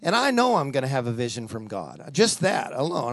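A man's voice: mid-range voice, very animated, fairly quick, creaky, no echo. A man preaching a sermon in a conversational storytelling way, drawing the congregation in with questions and call-and-response.

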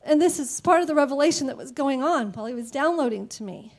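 A woman with a bright, high voice tells her story of faith in an earnest, emotional way. She sounds close to tears, and her voice stays open and heartfelt throughout. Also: animated. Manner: emotional and earnest, quick to laugh. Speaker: church member giving a testimony. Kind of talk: personal faith testimony.

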